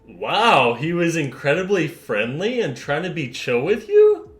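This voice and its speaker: A man's voice: on the high side, animated, measured pace, a bit bright. A man reacting alongside the host in casual commentary, sarcastic and full of stammered restarts.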